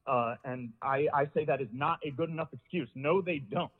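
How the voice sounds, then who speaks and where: Breathless man, public comment call, slightly high voice, insistent, tinny phone line. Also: normal speed. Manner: insistent, frustrated. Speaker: public caller. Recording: phone line with long reverb.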